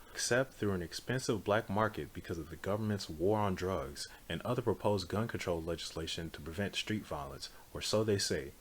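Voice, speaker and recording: A man with a fairly low voice reads a political text aloud in a steady, measured way. His delivery is earnest and declarative. A faint hiss sits under the recording. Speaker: audiobook reader.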